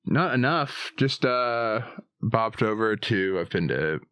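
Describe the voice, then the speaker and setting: A man's voice: lowish voice, animated, slow pace, fairly bright tone, smooth, dry recording. Laid-back joking man, dry close sound. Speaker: podcast host. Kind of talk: casual chat. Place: indoor room over a meal.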